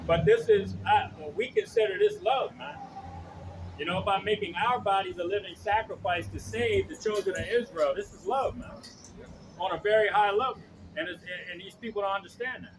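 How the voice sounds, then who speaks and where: A man preaching outdoors on the street, loud and blunt, swearing and checking in with his listeners again and again. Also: sits high, normal speed, background noise. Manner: loud, blunt, profane, keeps asking "okay?".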